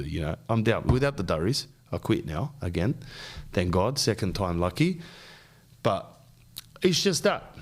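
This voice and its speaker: Australian man, podcast host, casual rambling monologue, slangy, animated. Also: mid-range voice. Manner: slangy, animated, says "bro" a lot.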